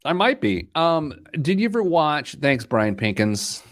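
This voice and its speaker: Animated joking podcast host, man. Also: a little high, no room sound, studio quality. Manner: joking, animated, quick asides. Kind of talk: casual chat.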